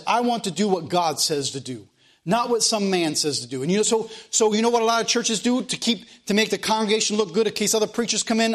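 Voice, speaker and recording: A man preaching a sermon as pastor of a church, in plain country speech, asking the room question after question. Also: sits high.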